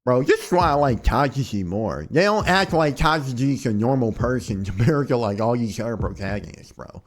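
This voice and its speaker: A man's voice: medium pitch, animated, normal speed. A young man giving casual, mocking commentary in heavy slang while playing a visual novel. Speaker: let's play streamer. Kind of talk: casual commentary over a game.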